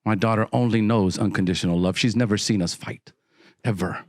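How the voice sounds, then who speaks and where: A middle-aged man speaks fairly quickly as he tells an audience his recovery story, dramatically acting out the voices of the people involved with sharp pitch swings. It's a clean studio recording with no room sound.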